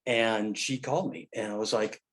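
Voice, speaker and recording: Low-voiced middle-aged man telling war stories. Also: fairly even intonation, fairly bright tone. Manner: halting, full of fillers and restarts; rambling anecdotal storyteller. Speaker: military veteran guest. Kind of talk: casual conversation.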